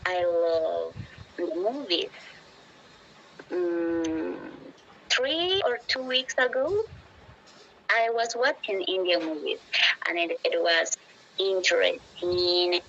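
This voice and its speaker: A young Peruvian woman with a Peruvian Spanish accent speaks slowly and tentatively, stopping often to find her English words. Her voice sits a little low for a woman. The video-call recording sounds slightly dull, with a faint hiss behind it. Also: gravelly, fairly bright tone. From Peru. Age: 20s. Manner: hesitant, searching for words, asks for repeats. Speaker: teacher. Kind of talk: casual English practice conversation.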